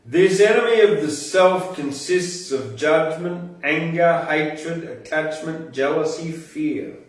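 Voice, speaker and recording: Male poetry host, unhurried delivery, distant mic with heavy room echo. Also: on the high side. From Australia. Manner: laid-back, chatty between poems. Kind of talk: relaxed poetry reading. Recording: very echoey room, voice far from mic.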